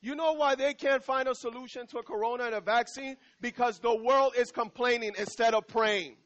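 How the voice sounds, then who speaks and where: A middle-aged man preaching a sermon as pastor in a church, talking conversationally and slowing down to repeat key lines. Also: very high-pitched, fairly even intonation, a bit bright.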